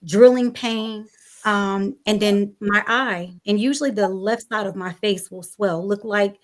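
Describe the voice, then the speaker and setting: Young adult woman, panel guest, animated storyteller, voices the people she quotes. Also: medium pitch, unhurried. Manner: animated storyteller, acts out dialogue. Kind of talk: personal story on a talk show panel.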